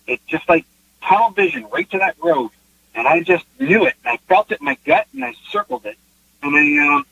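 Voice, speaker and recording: Animated man with a gravelly, bright voice. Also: high-pitched, normal speed, dry recording. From Canada. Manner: animated, acts out quotes, restarts. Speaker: guest psychic. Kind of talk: casual storytelling interview. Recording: dull lo-fi online call audio.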